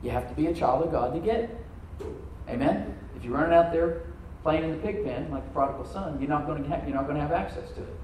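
A male pastor delivers a sermon in a reverberant church sanctuary, his voice sitting a little high for a man. He often repeats and restarts phrases and checks in with the congregation for amens. Faint room ambience sits underneath. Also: quick pace, darkish tone, slight background noise. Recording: roomy church echo.

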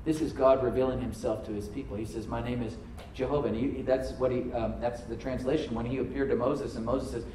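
Male pastor, mellow voice, sermon, reads scripture aloud, calls on the congregation. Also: mid-range voice, steady tone, brisk, few pauses, echoey room, slight background noise, poor audio. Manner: reads scripture aloud, then drops to a soft voice to stress points; asks the congregation to answer back. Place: church service with a live congregation.

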